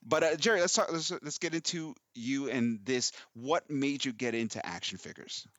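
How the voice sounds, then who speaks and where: A man's voice: medium pitch, moderate pace, fairly bright tone, dry recording. A middle-aged man hosting a casual podcast, joking and bantering with his guest. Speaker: podcast host.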